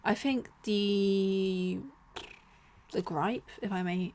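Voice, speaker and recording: A young woman talks casually to camera about her books, chatty and animated. She often drops into whispered asides between livelier bursts. Her voice sits at an ordinary middle pitch. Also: drawn-out words. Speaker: book vlogger. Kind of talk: casual chat.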